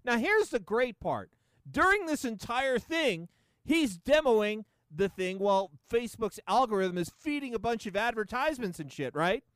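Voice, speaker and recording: A man's voice: extremely high pitch, sing-song, moderate pace, a bit bright, smooth, no echo. A man hosting a podcast, ranting sarcastically with lots of swearing and laughter in a casual comedic style. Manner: profane, sarcastic, laughing often.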